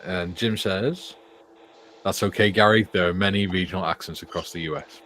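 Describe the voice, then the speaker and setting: A man's voice: low-pitched, fairly even intonation, moderate pace, a bit bright, a little hiss or hum. Older Welsh man reading chat aloud. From Wales. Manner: jokey, reads viewer comments aloud with laughs. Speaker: co-host reading live chat. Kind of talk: casual banter on a livestream.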